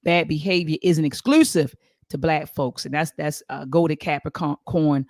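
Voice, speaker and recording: A man's voice: fairly high pitch, measured pace, no room sound, studio quality. A man in his forties hosting a live-streamed talk show, speaking emphatically, repeating his points and turning often to his guest. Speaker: talk show host and professor.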